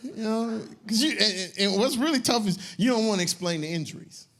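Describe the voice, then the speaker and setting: A man doing stand-up comedy, telling a story in an animated, conversational way on a comedy club stage. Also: high voice, fairly quick. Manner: animated, conversational, acts out characters.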